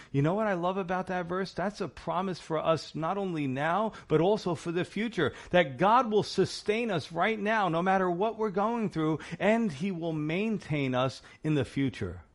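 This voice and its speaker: A man's voice: on the high side, moderate pace, few pauses. Earnest, encouraging male preacher. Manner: earnest, encouraging, asks rhetorical questions. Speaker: pastor. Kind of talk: sermon.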